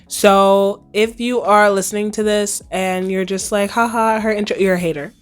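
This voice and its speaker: Hoarse young woman chatting on her podcast. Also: medium pitch, fairly even intonation, moderate pace, soft background music. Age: 20s. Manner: chatty, playful slang, laughs often. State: hoarse, recovering lost voice. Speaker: podcast host. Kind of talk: casual solo podcast chat.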